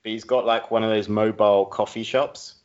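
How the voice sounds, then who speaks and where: Laid-back low-voiced young man, lo-fi. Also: steady tone, brisk, a little mellow. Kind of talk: casual comedic podcast chat. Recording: dull lo-fi audio.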